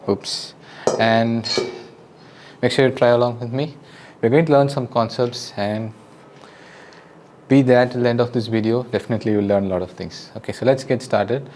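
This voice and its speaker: A man's voice: mid-range voice, fairly even intonation, normal speed, slight background noise. A man with an Indian English accent teaching drums in a casual, patient way, counting beats aloud and giving friendly step-by-step instructions. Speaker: drum teacher. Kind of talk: casual spoken lesson. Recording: loud drum music behind the voice. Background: drums and music.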